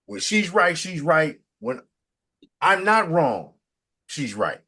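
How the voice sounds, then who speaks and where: A middle-aged man interviewing in casual chat, talking in a preachy, emphatic way, his pitch jumping up to stress a point. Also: big pitch swings, slow pace, pushed and bright, breathy edge.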